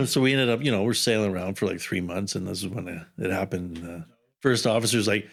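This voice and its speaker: A man's voice: on the low side, brisk, gravelly, a bit bright. A man in his fifties, a podcast guest and underwater camera operator, telling stories in a casual, rambling way with many asides. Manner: rambling, jumps around in time with asides. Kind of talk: casual storytelling interview.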